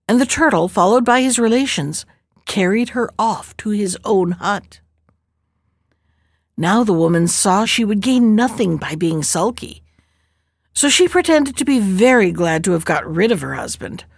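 A woman reading a folk tale aloud as a storyteller, with expressive storybook narration. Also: fairly low pitch, normal speed, creaky, no echo, studio quality.

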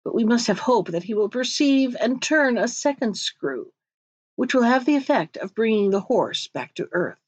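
A woman's voice: on the high side, lively intonation, moderate pace, no room sound. A woman reading the part of a foreign horse merchant who speaks in a courtly, humble, imploring way, in a storybook reading.

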